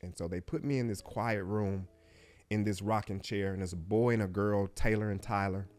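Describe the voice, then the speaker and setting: Low-voiced man telling a heartfelt story. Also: steady tone, faint music behind. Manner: heartfelt, reflective, often hushed and halting. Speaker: guest. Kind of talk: personal storytelling interview.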